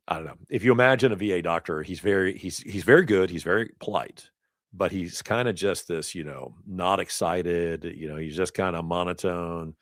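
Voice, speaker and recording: A man with a low, deep voice leads a class in a loose, talkative way and drifts into little stories along the way. The sound is dry and close, with almost no room around it. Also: no room sound. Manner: chatty, storytelling asides with laughs. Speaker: instructor. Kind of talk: casual lecture. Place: classroom or event hall.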